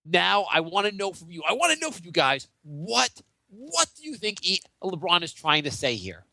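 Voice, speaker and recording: A podcast host doing a mock rant as an overheated sports pundit, stammering with theatrical outrage and sarcasm. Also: male voice, high voice, wildly swooping pitch, moderate pace, gravelly, bright, forceful tone, no echo, exaggerated voice. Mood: outraged.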